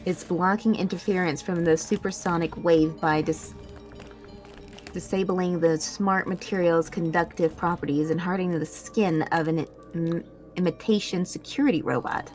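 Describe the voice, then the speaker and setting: A woman's voice: on the low side, steady tone, normal speed, darkish tone, soft background music. A woman reading a first-person audio drama script aloud, stumbling and correcting herself with laughing asides.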